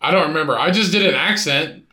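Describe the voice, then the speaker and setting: A man's voice: a little high, fast talker, reverberant, over a noisy crowd. A man co-hosting a podcast in casual chat, joking around and swearing. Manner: jokey, animated, swearing. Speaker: podcast co-host.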